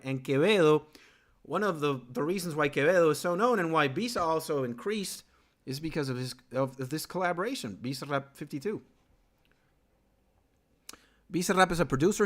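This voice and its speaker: A man's voice: fairly high pitch, a bit bright. A man from Venezuela whose first language is Spanish, chatting casually on a livestream, reading out chat and answering with boastful jokes and swearing. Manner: boastful, joking, swears freely. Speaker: streamer and beat maker.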